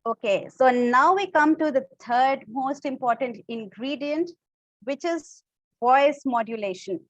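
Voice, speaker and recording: A woman with an Indian English accent runs an online public speaking class, explaining each point and demonstrating different tones of voice. Her voice sits high. The recording is dry and slightly dull, as from a call. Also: measured pace, no room sound. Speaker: public speaking workshop instructor. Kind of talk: live online class teaching.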